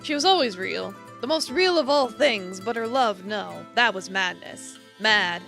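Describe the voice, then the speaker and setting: A woman streamer reading a horror visual novel aloud in a theatrical way, swinging between hushed and emphatic lines. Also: medium pitch, lively intonation, unhurried, vocal fry, faint music behind.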